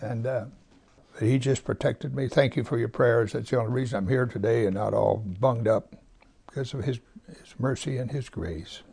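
A man with a gravelly edge to his voice, teaching scripture in an unhurried way. He leans hard on the words of each verse he reads aloud and lets his voice sink almost to a whisper for quiet moments. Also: medium pitch. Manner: reads scripture slowly with heavy emphasis; drops to a near whisper at times. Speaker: pastor. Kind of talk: Bible teaching.

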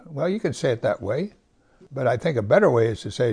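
A man with a gravelly edge to his voice, teaching scripture in an unhurried way. He leans hard on the words of each verse he reads aloud and lets his voice sink almost to a whisper for quiet moments. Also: medium pitch. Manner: reads scripture slowly with heavy emphasis; drops to a near whisper at times. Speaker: pastor. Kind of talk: Bible teaching.

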